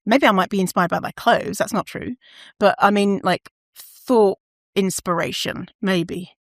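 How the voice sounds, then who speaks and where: A woman talking on her own podcast in a loose, candid way. She swears without a second thought and laughs through her stories. Her voice sits at an ordinary middle pitch and sounds close and dry, with no room sound around it. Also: measured pace, dry recording. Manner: candid, swears freely, laughs often, acts out quoted voices. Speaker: podcast host. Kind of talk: casual solo podcast monologue.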